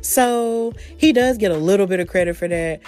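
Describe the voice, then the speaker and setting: A woman hosting a solo wrestling podcast, recapping events in a casual, excitable storytelling manner full of slang. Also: medium pitch, moderate pace, soft background music. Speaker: podcast host.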